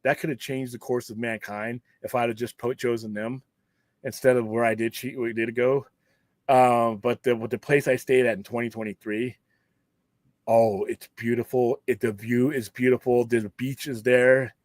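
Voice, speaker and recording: A man's voice: mid-range voice, little pitch movement, moderate pace, no room sound, studio quality. A man from Southern California hosting a casual live stream, talking in a rambling, jokey way with plenty of swearing and restarts. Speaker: streamer host.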